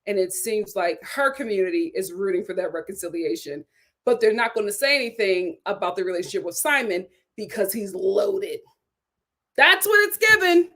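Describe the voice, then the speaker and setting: A woman giving sassy, animated commentary on a reality show, laughing at her own jokes. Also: mid-range voice, moderate pace. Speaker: reality TV reviewer. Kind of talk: casual commentary.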